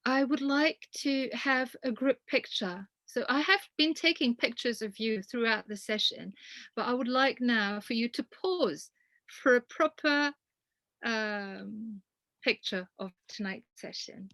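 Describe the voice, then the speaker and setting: A woman with a somewhat high voice chairs an online meeting in a polite, orderly way. Her sound is dry and close, with no room around it, heard over a video call. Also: unhurried, a bit bright, no echo, poor audio. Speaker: meeting host.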